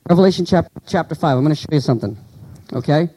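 A man preaching a sermon, teaching with lively rhetorical questions to his congregation and reading scripture slowly and deliberately. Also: a little high, low-quality recording. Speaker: pastor.

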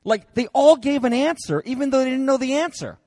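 A male lecturer tells stories in a chatty, animated way, full of fillers and restarts. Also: very high-pitched, a little fast, no room sound, clean studio sound. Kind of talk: storytelling lecture.

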